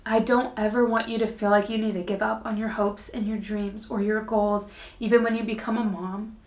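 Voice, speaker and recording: In a reverberant space, a young mom who makes fitness content talks earnestly to camera in an emotional personal vlog, fighting back tears as her voice wavers. Her delivery is flat and moderately paced, at medium pitch with a darkish tone.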